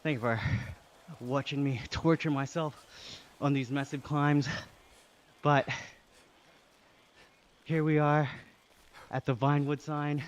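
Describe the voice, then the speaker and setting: A man's voice: fairly high pitch, takes it slowly, pauses often, dull audio. An Australian man streaming live, chatting casually and reading out chat while he cycles, laughing often. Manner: relaxed, chatty, reads chat aloud with frequent laughs.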